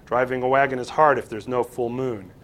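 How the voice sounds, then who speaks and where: A steady farmer father from a storybook, read by a man. He speaks low and briefly. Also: fairly quick, close to an everyday voice.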